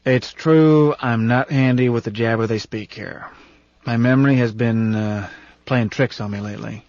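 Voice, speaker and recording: A man voicing a gruff, blunt, ancient man in an audiobook, with a slightly raspy, brusque and folksy way of talking. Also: medium pitch, normal speed, a little mellow, no echo, natural voice. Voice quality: rasp. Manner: brusque and salty, grumbling. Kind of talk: audiobook character reading. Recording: dull, dry studio recording.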